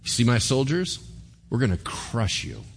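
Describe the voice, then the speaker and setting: A man voicing a blustering enemy commander who shouts threats and boasts at defenders on a wall. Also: mid-range voice, big pitch swings, normal speed, gravelly, in a large hall, slight background noise. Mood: menacing.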